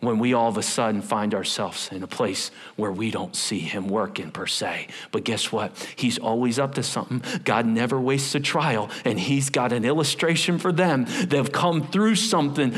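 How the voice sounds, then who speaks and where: A man preaching a sermon as a pastor, animated and humorous, acting out scenes as he goes. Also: medium pitch, normal speed, few pauses, husky.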